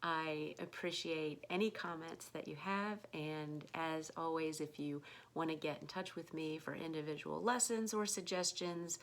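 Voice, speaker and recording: An American woman giving an online pronunciation lesson, speaking slowly and patiently, repeating words for learners to copy. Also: low-pitched, fairly even intonation. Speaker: English pronunciation teacher.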